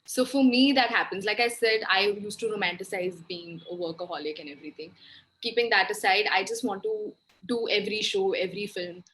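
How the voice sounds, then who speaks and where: A woman's voice: medium pitch, fairly quick, fairly bright tone, rough recording. A young woman, an actor answering interview questions hesitantly and earnestly. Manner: hesitant, many fillers and restarts, earnest. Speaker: actor guest.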